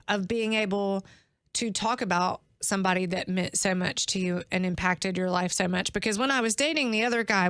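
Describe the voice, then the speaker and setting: A woman hosting a podcast, speaking emotionally and haltingly, close to tears. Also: mid-range voice, a bit bright, clear, resonant tone, no echo. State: tearful. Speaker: podcast host. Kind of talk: personal podcast monologue.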